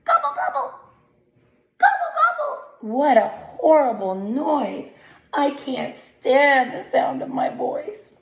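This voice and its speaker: A whiny young turkey hen, played by a woman reading aloud, begging in a high squawk that cracks up into shrill gobbles. The voice is bounced around a roomy, echoing space for a storybook read to kids. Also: sing-song, slow, a bit bright, full character voice. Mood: disgusted. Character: young female turkey, self-pitying and pleading.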